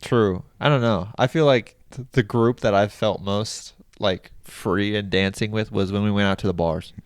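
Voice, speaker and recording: A man's voice: normal speed, smooth, no echo, clean studio sound. A young man co-hosting a casual podcast, rambling and laughing often as he tells stories. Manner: rambling, laughs often, acts out his own quotes in a high voice. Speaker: podcast co-host. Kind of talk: casual chat.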